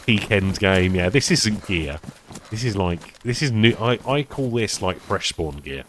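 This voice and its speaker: Low-voiced man streaming a game. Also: animated, measured pace, a bit bright, slight background noise. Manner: chatty, self-deprecating, talks to chat. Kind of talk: casual gameplay commentary.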